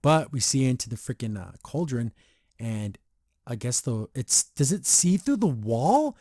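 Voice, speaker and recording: A man hosting a podcast, giving a casual episode review in a rambling, excitable way full of fillers. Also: medium pitch, unhurried, no room sound, studio quality. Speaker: podcast host.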